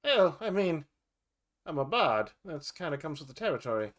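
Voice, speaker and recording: A man voicing a flirtatious, showy male halfling bard in a tabletop game, talking in a smooth, theatrical way. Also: a little high, big pitch swings, moderate pace, fairly bright tone. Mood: teasing. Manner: theatrical, smooth-talking, grandiose self-introductions. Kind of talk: tabletop role-play character voice.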